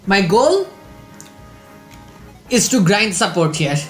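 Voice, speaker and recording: A man hosting a let's play, calmly thinking aloud while he plays a strategy game. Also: high voice, takes it slowly, reverberant, soft background music. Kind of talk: game commentary.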